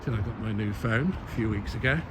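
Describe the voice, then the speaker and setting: A man's voice: on the low side, brisk. A man chatting on a live stream as he walks through a city, laughing at himself often, into a phone-mounted mic. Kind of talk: casual live-stream chat while walking. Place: city streets outdoors, traffic passing. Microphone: phone-mounted mic on a gimbal. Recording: loud outdoor street noise.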